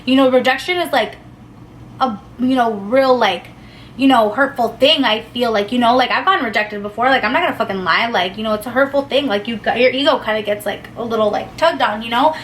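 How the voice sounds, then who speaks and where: A woman's voice: a little high, a little fast, slight background noise. A young woman vlogger tells a story casually, rambling with lots of fillers and casual swearing.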